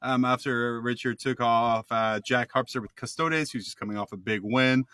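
A man co-hosting a podcast in a loose, casual chat, joking and rambling as he goes. His voice is bright and forceful, close and dry on the mic. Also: medium pitch, steady tone, moderate pace, clear, resonant tone, dry recording. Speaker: podcast co-host.

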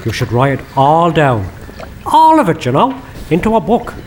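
A man's voice: fairly high pitch, huge pitch swings, normal speed, slight background noise. A man playing a sly, swearing detective, teasing in a comedy sketch. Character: cheeky, foul-mouthed detective, sly mischief-maker.

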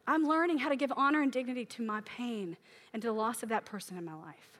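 Woman preacher, high voice, candid and emotional, acts out prayers, tired from crying. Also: fast, fairly bright tone. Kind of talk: sermon.

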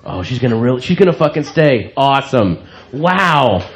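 A stand-up comedian on a club stage, loudly and profanely mocking audience members who kept talking. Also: male voice, mid-range voice, sing-song, moderate pace. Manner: incredulous, mocking, profane, loud. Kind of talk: stand-up set, confronting hecklers. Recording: live club recording with crowd noise. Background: audience laughter and club noise.

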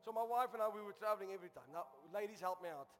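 A man's voice: high voice, racing, a bit bright. A South African man preaching a sermon to a congregation, telling a personal story with fervour and calling out to his listeners. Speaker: pastor. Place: church hall before a congregation. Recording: long hall reverb with faint music.

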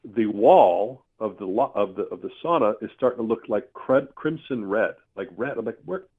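Man, lowish voice, earthy and animated storyteller, heard over a tinny phone line. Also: moderate pace. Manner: earthy, animated, with mild swearing. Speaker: storyteller guest. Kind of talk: casual spoken storytelling.

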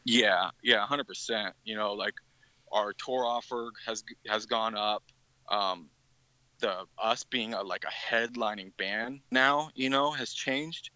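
Guy on a podcast, lowish bright voice, rambling story with lots of restarts, dry sound. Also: slow, no echo, poor audio. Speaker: musician guest. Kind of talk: casual podcast interview.

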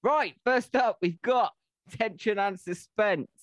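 A man's voice: high voice, slow pace, dry recording, studio quality. A man co-hosting a casual film review podcast, joking and swearing freely. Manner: jokey, swears casually, short agreeing replies. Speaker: podcast co-host.

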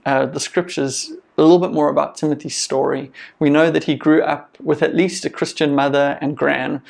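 A man's voice: on the high side, creaky, a little mellow. A man preaching a sermon as pastor, earnest and encouraging, with conversational asides to the congregation.

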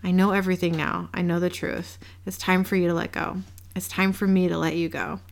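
A woman reading the lines of a grieving middle-aged male doctor, gentle and sorrowful, in a low, gravelly voice. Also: little pitch movement, fairly quick. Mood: tender.

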